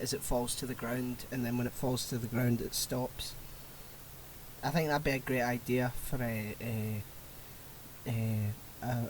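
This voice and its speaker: A man's voice: mid-range voice, a little mellow, a little hiss or hum, rough recording. A man co-hosting a podcast from home, chatting casually in a rambling, sweary way that often breaks off mid-sentence. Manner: rambling, sweary, self-interrupting. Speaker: podcast co-host. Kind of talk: casual chat.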